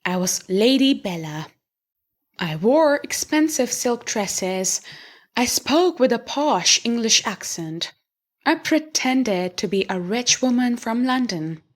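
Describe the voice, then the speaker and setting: Slow, clear woman narrating a story. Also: on the high side, expressive. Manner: clear, deliberate reading. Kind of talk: slow scripted narration of a graded learner story.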